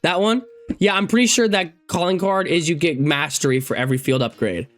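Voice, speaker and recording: A man around twenty, a gaming YouTuber casually reacting to forum posts, swearing freely and swinging between loud outbursts and low mutters. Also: fairly quick, faint music behind. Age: 20s.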